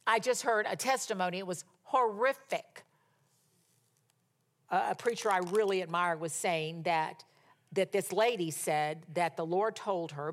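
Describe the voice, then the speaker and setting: A woman's voice: on the low side, moderate pace. A middle-aged woman preaching a sermon, telling personal stories and exhorting her listeners with emphatic repetition.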